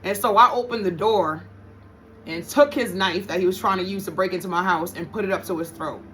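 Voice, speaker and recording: A woman's voice: lowish voice, a little fast, fairly bright tone, soft background music. A woman giving a casual tarot reading to her viewers, blunt and profane, often repeating her points for emphasis. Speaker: tarot reader.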